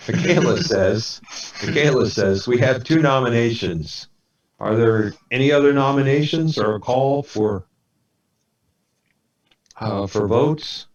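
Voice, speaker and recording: A man running a tabletop game as game master, narrating with lots of halting fillers. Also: medium pitch, muffled recording.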